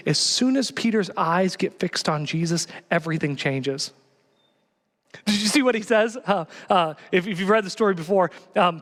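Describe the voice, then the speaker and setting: High-voiced, animated male preacher. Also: long reverb tail. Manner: animated, emphatic, repeats phrases. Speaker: pastor. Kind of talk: sermon.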